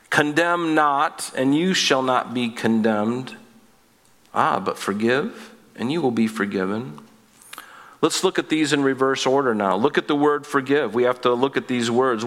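A man's voice: mid-range voice, fairly bright tone, long reverb tail, rough recording. A man preaching a sermon as a pastor, reading scripture aloud and then explaining it with conversational asides. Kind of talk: expository sermon. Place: church sanctuary.

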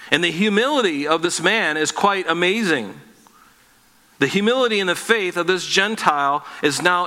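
A male pastor delivers an expository sermon in a somewhat high voice with a forceful, bright edge. He teaches earnestly and keeps posing rhetorical questions to his listeners.

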